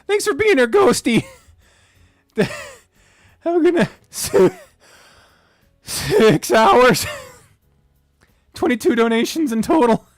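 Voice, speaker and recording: A woman's voice: high-pitched, very animated, takes it slowly, long pauses, no room sound, studio quality. A woman streamer and game master in casual livestream chat, giddy and laughing often, swearing and stumbling as she works through math aloud.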